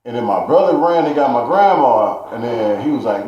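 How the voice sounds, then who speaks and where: A man's voice: medium pitch, moderate pace, hardly any pauses, highs cut off. Guy ranting to camera in slang, swears a lot, rambly, roomy echo. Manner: profane, rambling, street slang. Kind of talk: casual storytelling rant. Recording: echoey room.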